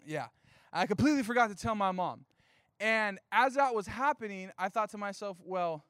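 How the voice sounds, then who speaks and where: Young male youth pastor, higher voice, smooth and dry, chatty storyteller. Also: normal speed, no echo. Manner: animated storytelling, chatty fillers. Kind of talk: casual sermon with personal story. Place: outdoor evening gathering.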